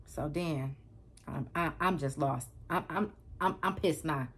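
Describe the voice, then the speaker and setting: Animated woman telling a story to camera. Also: sits low, unhurried, slightly rough. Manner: animated, emphatic, repeats herself, talks straight to viewers. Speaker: vlogger.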